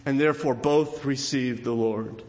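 A man preaching a sermon in a church, telling a story with acted quotes and his voice swinging high and low. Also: fairly even intonation, moderate pace, darkish tone. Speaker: pastor. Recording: long hall reverb.

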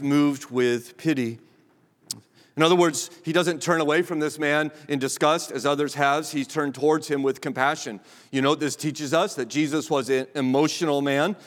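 A man preaching a sermon, impassioned, rising to emphatic peaks and dropping to a hush. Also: medium pitch. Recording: long reverb of a large hall.

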